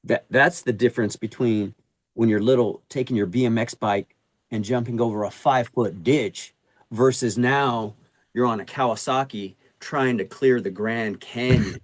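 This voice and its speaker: A middle-aged HVAC sales advisor, guesting on a casual podcast, tells energetic stories full of slangy street talk. His medium-pitched voice moves at normal speed and is recorded close and dry, with no echo or room sound.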